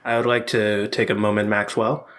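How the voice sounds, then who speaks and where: A man's voice: fairly low pitch, flat delivery, normal speed, a bit bright. A young man co-hosting a podcast, chatting easily and explaining things plainly. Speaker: podcast co-host. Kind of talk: casual chat.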